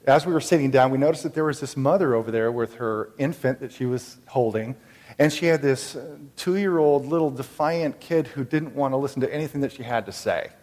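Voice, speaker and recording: A man telling a personal faith story in an earnest, reflective way, with many halting restarts. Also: medium pitch, darkish tone, big-room sound.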